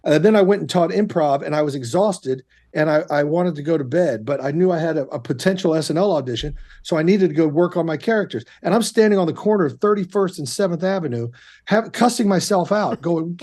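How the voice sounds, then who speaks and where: Brief: middle-aged male guest, higher-pitched voice, lively storyteller who bursts into shouted pep talks. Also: a little fast. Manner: animated, shifts into loud self-coaching shouts. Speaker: guest, actor and comedian. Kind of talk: candid conversational storytelling. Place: podcast studio.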